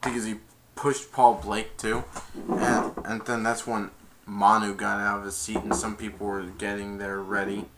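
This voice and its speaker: A man's voice: lowish voice, level tone, normal speed, background noise. A young man casually retelling a movie scene as a reviewer, rambling and stringing events together with "and then". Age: young adult.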